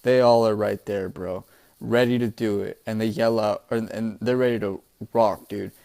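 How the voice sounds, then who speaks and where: A man's voice: fairly low pitch, fairly even intonation, moderate pace, vocal fry, darkish tone. A man hosting his own casual review show, talking loosely and rambling through his thoughts. He swears freely, peppers his talk with "bro" and "dude", and often restarts mid-sentence. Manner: profane, laid-back, says "bro" and "dude" a lot; rambling, many restarts and fillers. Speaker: manga reviewer, channel host.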